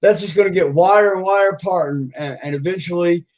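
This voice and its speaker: A man's voice: high voice, quick pace, a little mellow, low-quality recording. A man lecturing during a heated livestream argument, insistent and repeating himself.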